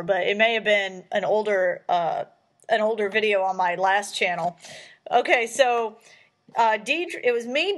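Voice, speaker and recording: A young woman hosting a casual chat, rambling along with many fillers as she tells stories. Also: mid-range voice. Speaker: host.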